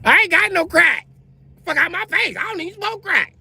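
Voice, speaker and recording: Give me a shrieking, defiant woman suspect, as a man puts her on in a strained falsetto far above his own voice. She is loud and furious and yells back. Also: big pitch swings, moderate pace, gravelly, heavily acted.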